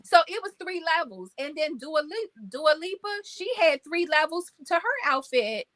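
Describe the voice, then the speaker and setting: Animated high-voiced woman host. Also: normal speed, no room sound. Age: middle-aged. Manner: animated, loud exclamations and playful teasing. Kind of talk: casual chat.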